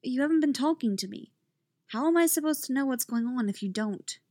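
A woman reading a story, voicing a quiet, guarded young woman who asks short, direct questions. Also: sits high, expressive, fairly quick, no room sound, voice pushed up. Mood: pressing.

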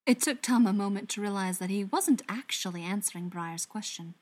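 A woman narrates an audiobook in a calm, measured way. Her voice sits at a middle pitch, and her delivery stays steady throughout. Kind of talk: scripted narration.

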